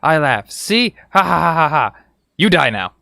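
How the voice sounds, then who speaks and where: Guy putting on a mocky fish creature from a game, broken english, kinda high and far from the mic. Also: sing-song, moderate pace, gravelly, sharp tone, dry recording, clean studio sound, heavily acted. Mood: taunting. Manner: broken, childlike English, mocking. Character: taunting male fish-like lizard creature.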